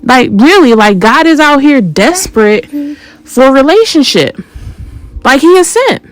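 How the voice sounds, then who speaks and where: A woman's voice: high voice, sing-song, a little slow, no echo, rough recording. A woman hosting a spiritual channel, speaking in an unscripted monologue that is confrontational and full of emphatic rhetorical questions.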